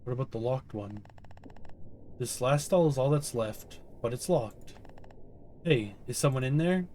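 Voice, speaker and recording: A man's voice: medium pitch, a little slow, long pauses, dark tone, faint music behind. A man giving casual gameplay commentary with dry, offhand remarks. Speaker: let's play host.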